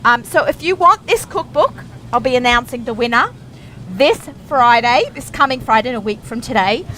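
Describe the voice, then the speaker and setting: A woman's voice: fairly high pitch, lively intonation, normal speed, sharp tone. A middle-aged woman from Australia hosting a radio show, chatting in a bubbly way with many fillers, recorded live in a busy store. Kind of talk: casual chat. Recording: faint store noise behind.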